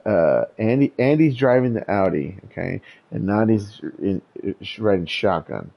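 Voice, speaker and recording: A man's voice: fairly low pitch, animated, moderate pace, gravelly, lo-fi sound. A young man telling a story in casual chat, rambling and profane, with lots of stammered restarts. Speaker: podcast host telling a story.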